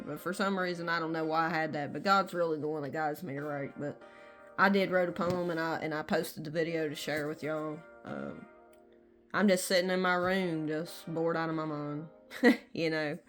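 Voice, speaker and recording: A woman with a Southern American accent, rambling candidly in a casual personal vlog from her room. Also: deep voice. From Southern United States. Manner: rambling and candid, many fillers. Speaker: vlogger. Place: small bedroom at home.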